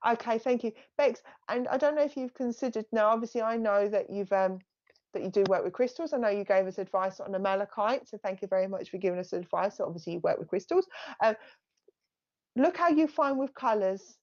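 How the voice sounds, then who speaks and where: A woman psychic medium talks through a live reading in a soft, chatty voice of middling pitch. She keeps stopping to thank the spirits she says are speaking to her. The stream audio is a little dull and lo-fi. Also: brisk.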